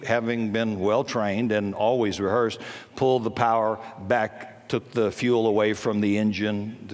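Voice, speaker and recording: An older man preaching a sermon, telling stories and building to fervent emphasis. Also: mid-range voice. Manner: storytelling, rising to fervent emphasis. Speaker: pastor. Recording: long hall reverb.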